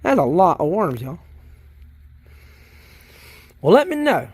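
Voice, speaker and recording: A man's voice: sits high, sing-song, takes it slowly, a little hiss or hum. A man with a Southern US accent, a worm farmer chatting casually and rambling as he digs through his worm bins outdoors. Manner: folksy, rambling, talks while digging in worm bins. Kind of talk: casual chat.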